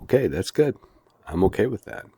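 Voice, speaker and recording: A man teaching a devotional Bible lesson in a slow, deliberate, folksy way, with humorous personal stories. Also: lowish voice, very animated, dark tone, slightly rough, no echo, studio quality.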